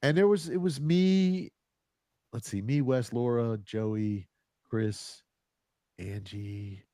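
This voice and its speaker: A man in his fifties casually telling a rambling, animated anecdote, often chuckling as he goes. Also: mid-range voice, takes it slowly, dry recording, clean studio sound. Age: 50s. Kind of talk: casual storytelling.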